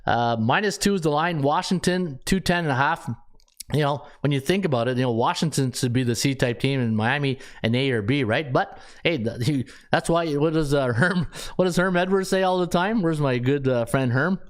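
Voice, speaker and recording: A man hosts a casual sports betting podcast, his voice pitched a little high. He rambles from point to point with lots of restarts. His rants build and he laughs at his own lines. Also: moderate pace. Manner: ranting, with many restarts.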